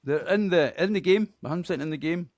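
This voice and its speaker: A man's voice: on the high side, no echo. A man from Scotland with a Scottish accent, hosting a podcast quiz in a chatty, self-deprecating way. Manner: chatty, self-deprecating, reads names out slowly. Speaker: quiz host.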